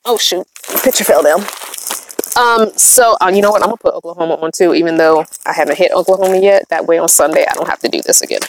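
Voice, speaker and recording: Her voice is fairly low, quick, and creaky, with a little hiss or hum on the recording. She's a woman who lives in a van and vlogs, livestreaming casually from inside it while reading chat comments aloud and laughing a lot.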